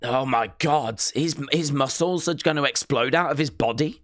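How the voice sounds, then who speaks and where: A man hosting a live watch-along stream, reacting excitedly and repeating himself, shouting out counts and big moves. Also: mid-range voice, moderate pace, few pauses, dry recording, clean studio sound.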